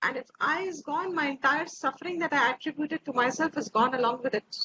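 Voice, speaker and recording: A woman teaching scripture slowly and reflectively, repeating her phrases, over a video call. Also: sits high. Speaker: Vedanta teacher. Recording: dull lo-fi audio with faint hiss.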